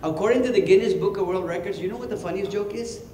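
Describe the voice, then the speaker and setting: A man, a clown and comedian, telling a joke in an animated way and laughing at his own lines. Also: sits high, fast. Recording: echoey hall with ambient noise.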